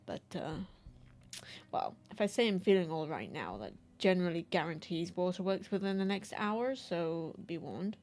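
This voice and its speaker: A woman's voice: fairly low pitch, expressive, normal speed, darkish tone. A woman chatting casually to her live stream audience, rambling and self-deprecating, laughing often.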